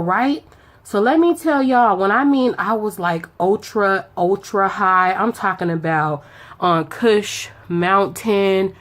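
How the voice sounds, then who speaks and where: Chatty young woman telling a story. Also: fairly high pitch. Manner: chatty, animated, slangy, acts out both sides of the story. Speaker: beauty vlogger telling a story. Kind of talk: casual storytime chat while doing makeup.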